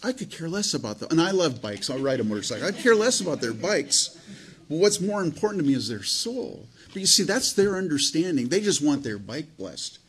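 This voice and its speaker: A man's voice: a little high, sing-song, fairly quick. A man, a pastor, preaching a sermon in a conversational, rambling way full of restarts and fillers.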